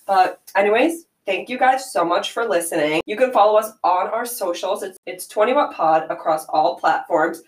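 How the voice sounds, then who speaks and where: A woman's voice: mid-range voice, normal speed, few pauses. A young adult woman hosting a podcast alone, telling a story in casual chat full of "like" and fillers. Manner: chatty, filler-heavy with frequent "like". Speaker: podcast host. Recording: echoey room.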